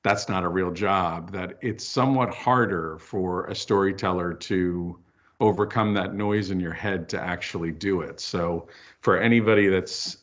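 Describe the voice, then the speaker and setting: A man's voice: deep voice, unhurried. Candid storytelling man, lo-fi sound. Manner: candid, storytelling, lively asides. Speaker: filmmaker and author guest. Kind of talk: casual interview chat. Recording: dull lo-fi audio.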